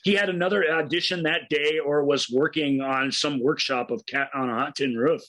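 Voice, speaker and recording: A man's voice: a little high, steady tone, moderate pace, pushed and bright, rough recording. A man co-hosting a film podcast, enthusiastically retelling scenes in a casual, rambling way with frequent restarts.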